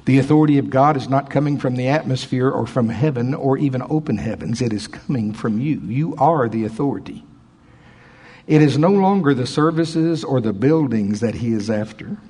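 A man preaching a sermon in church, swinging between loud emphatic lines and quiet asides. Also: medium pitch, moderate pace, slightly rough.

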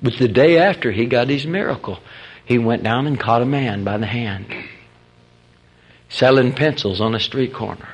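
A man delivering a storytelling sermon, his voice slightly husky and set at an everyday middle pitch. He spins folksy, animated anecdotes and breaks into the voices of the people he quotes. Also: normal speed. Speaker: preacher.

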